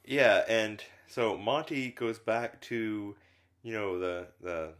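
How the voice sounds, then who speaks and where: A man with a low voice talks through an old film in loose, casual chat. He wanders with fillers and restarts, and slips into quick voiced-out bits of dialogue when he retells scenes. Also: a bit bright. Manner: rambling, many fillers, acts out lines from scenes. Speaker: film review podcast co-host. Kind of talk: casual conversational film discussion.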